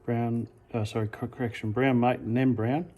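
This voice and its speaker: An Australian man casually talking through a hands-on how-to demonstration, relaxed and unhurried, stopping now and then to correct himself. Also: mid-range voice. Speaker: amateur radio hobbyist.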